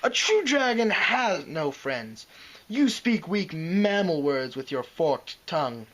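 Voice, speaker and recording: A man's voice: fairly high pitch, sing-song, slow, fairly bright tone, voice pushed up, heavily acted, rough recording. A man voicing a huge, scornful male green dragon who mocks and snarls. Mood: mocking. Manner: mocking, snarling, growling.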